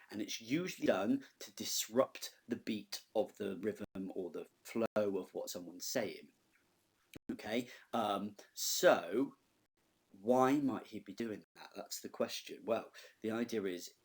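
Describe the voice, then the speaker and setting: Male teacher, low-pitched and husky, informal conversational lesson delivery. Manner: conversational, checks in with frequent "okay?". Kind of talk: recorded classroom lesson.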